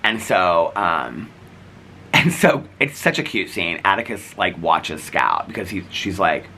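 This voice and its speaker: Man vlogging, casual rambling story, low voice, bright edge, faint room hiss. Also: very animated, slow, poor audio. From United States. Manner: rambling, retells scenes acting out each line. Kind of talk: casual chat to camera.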